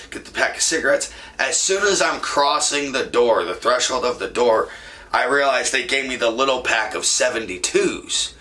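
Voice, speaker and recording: Young male podcaster, rambling storyteller, bright and punchy, lots of cursing and laughter. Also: mid-range voice. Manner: rambling, profane, laughs often. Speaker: podcast host. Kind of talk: casual storytelling.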